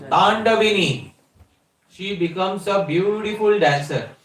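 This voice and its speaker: A man's voice: fairly high pitch, normal speed. A man giving a scripture lecture, explaining a verse step by step and putting questions to his listeners. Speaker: spiritual teacher. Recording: echoey room, mic at a distance.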